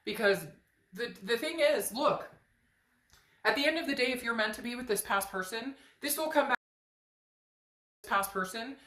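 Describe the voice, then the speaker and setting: A woman's voice: fairly high pitch, animated, normal speed, pauses often, fairly bright tone. A woman giving an earnest, emphatic tarot reading to her viewers, often repeating phrases. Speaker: tarot reader. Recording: echoey room.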